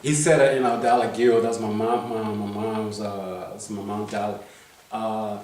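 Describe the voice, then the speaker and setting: His voice is fairly low, fairly even and a little mellow, and he speaks a bit slowly. The Liberian man, in his fifties, chats about his life with many restarts and repeated "you know what I'm saying" tags, sitting well away from the mic in a strongly echoing room.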